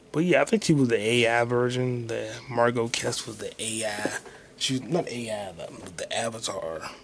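A man's voice: fairly low pitch, a bit bright, a little hiss or hum. A man hosting his own podcast solo, rambling casually and profanely while muttering to himself as he searches online. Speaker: podcast host.

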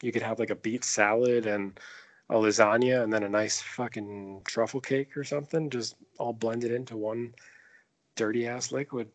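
This is a man in his thirties, talking casually on a podcast, loose and joking, with a lot of swearing. His pitch sits at an everyday middle level for a man. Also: fairly even intonation, moderate pace. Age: 30s. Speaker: podcast co-host. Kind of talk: casual chat.

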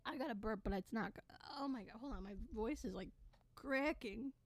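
A teenage girl hosting her own podcast, ranting in a sassy, sarcastic way with sudden loud bursts. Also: fairly high pitch, normal speed. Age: teens. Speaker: podcast host. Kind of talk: casual solo podcast rant.

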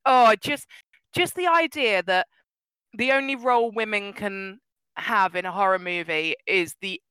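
A woman chatting casually as a podcast co-host, animated and laughing often, her voice jumping up when she gets excited. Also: fairly low pitch, clean tone, dry recording, low-quality recording. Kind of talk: casual chat.

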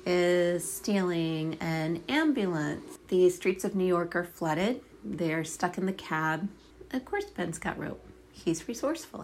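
A middle-aged woman casually recapping a movie, with sarcastic, profane asides, swinging between deadpan remarks and sudden outbursts. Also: medium pitch.

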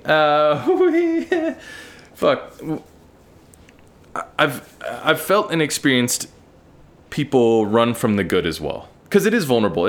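A man's voice: mid-range voice, fairly bright tone. A man hosting a solo podcast, talking through his thoughts in an earnest, candid way and swearing casually. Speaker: podcast host. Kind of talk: solo reflective monologue.

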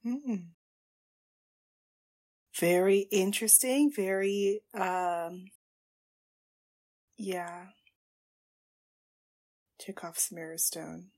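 A woman podcast host reacting live to an anime episode, gushing and excitable, with frequent gasps and quiet hushed asides. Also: mid-range voice, extremely slow, long pauses. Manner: drops to hushed asides at tense moments.

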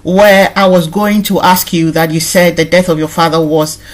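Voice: mid-range voice, level tone, moderate pace. An interviewer asking a guest a follow-up question. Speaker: interviewer, host.

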